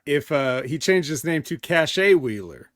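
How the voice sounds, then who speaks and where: Male co-host, slightly high voice, dry punning humor, dry close sound. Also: lively intonation, moderate pace, a bit bright, no echo. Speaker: podcast co-host. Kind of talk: casual wrestling recap chat.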